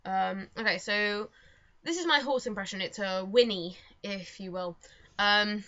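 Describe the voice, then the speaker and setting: At home, a young woman vlogs in casual chat, rambling and poking fun at herself with lots of fillers. Her mid-range voice is fairly bright and measured in pace, captured in a dull lo-fi home recording.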